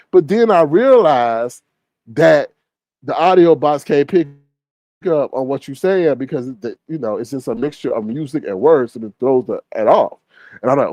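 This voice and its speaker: A man's voice: sits high, lively intonation, moderate pace, a little mellow, dry recording. A man hosting a livestream, chatting casually and gossiping in a sassy way while reading the chat. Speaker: livestream host.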